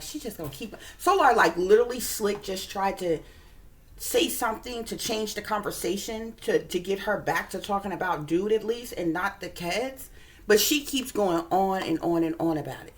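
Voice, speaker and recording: A woman's voice: mid-range voice, a little hiss or hum. A woman hosting a reaction video, indignant and repeating her points for emphasis. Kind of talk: reaction commentary.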